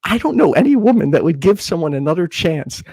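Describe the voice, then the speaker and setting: Young man podcast co-host, lively storyteller, dry close mic, jumps into a high voice for quotes. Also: fairly quick, gravelly, slightly rough, dry recording. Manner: animated, acts out quotes in a high voice. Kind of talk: casual chat, storytelling.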